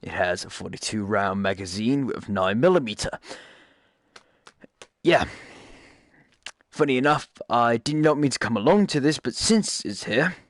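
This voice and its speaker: A man's voice: mid-range voice, animated, unhurried, pauses often, no echo, studio quality. A man giving casual gameplay commentary, rambling and joking, often cutting himself off to correct what he just said. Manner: rambling, jokey, self-correcting asides. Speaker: gaming YouTuber.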